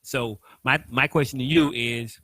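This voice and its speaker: A man's voice: medium pitch, fairly even intonation, a little slow, sharp tone, no room sound. A young adult man with a Southern US accent, co-hosting a casual chat, playful and teasing, often acting out other people. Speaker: co-host.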